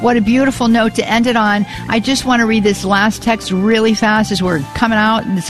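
A woman hosting a call-in radio show, effusive and warm with praise, often repeating her words, on a studio mic. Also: a little high, steady tone, brisk, few pauses, soft background music. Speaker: radio talk show host.

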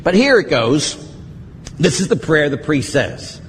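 A middle-aged Catholic priest giving a conversational teaching on confession, acting out what penitents say in a lively, plain-spoken way. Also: male voice, a little high, unhurried, big-room sound, slight background noise.

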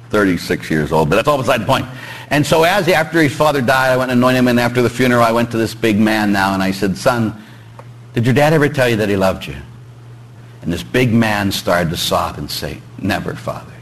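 A man with a Pittsburgh accent, a priest preaching a joking, emphatic sermon to his congregation in a church. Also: rough recording. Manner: animated, joking with congregation, rising emphatic pitch.

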